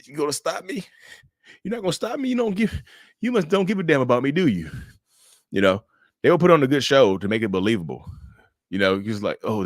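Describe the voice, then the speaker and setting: A man hosting a casual livestream, animated and joking, often stumbling and restarting as he answers viewers' questions. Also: fairly low pitch, no room sound, studio quality. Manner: addresses viewers as y'all, answers chat questions. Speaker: livestream host.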